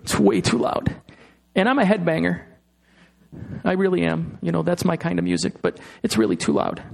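A middle-aged male pastor preaching a sermon, slowing down for emphasis and pausing dramatically. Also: a little high, huge pitch swings, gravelly. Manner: dramatic pauses, slowing on key phrases.

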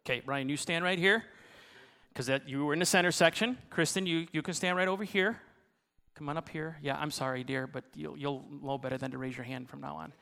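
A man's voice: a little high, a little fast, vocal fry, bright, forceful tone, smooth. A man preaching as a pastor, playfully self-deprecating as he coaxes the congregation into a sung round. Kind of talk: sermon with congregational song leading. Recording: long reverb of a large hall.

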